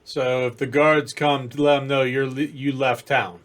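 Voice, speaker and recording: Man, dungeon master, casual tabletop narration, mid-pitched voice. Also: level tone, moderate pace.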